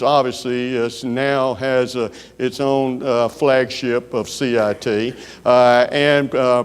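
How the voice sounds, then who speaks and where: A man with a Southern US accent delivers a keynote in a folksy, storytelling manner, pausing often on fillers. His voice is smooth and resonant, with a long reverb trailing off the walls of a large conference hall. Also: on the high side. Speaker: keynote speaker.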